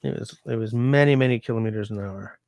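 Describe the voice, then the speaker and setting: A man with a low, gravelly voice hosts a casual livestream from home while sick. He rambles easily through viewer comments. The sound is close and dry. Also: quick pace, a little mellow, no echo. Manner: rambling, chatty, easygoing. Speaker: livestream host.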